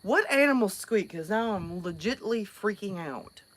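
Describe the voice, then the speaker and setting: A woman's voice: medium pitch, animated, a little slow, a little hiss or hum. A woman from the American South with a Southern accent, chatting casually on a live stream, rambling and laughing with plenty of fillers. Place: outdoors at night.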